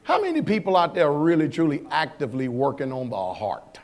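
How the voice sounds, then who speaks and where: A man preaching a sermon as pastor, talking in a colloquial way with rhetorical questions, dropping to low asides and rising to shouts. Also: wildly swooping pitch, a little fast.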